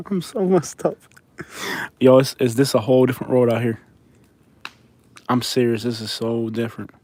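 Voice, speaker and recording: A man's voice: mid-range voice, a little mellow, dry recording. A man with a Florida Southern accent chats casually with his viewers. He rambles and brags with a joking edge in an everyday mid-range voice. The recording is dry and close. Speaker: vlogger reading viewer comments. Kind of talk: casual chat.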